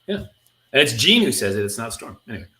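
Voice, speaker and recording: A man co-hosting a comics reading stream, chatting in an animated way with many fillers and laughs. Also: medium pitch, fast. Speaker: comic reading podcast co-host. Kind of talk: casual chat.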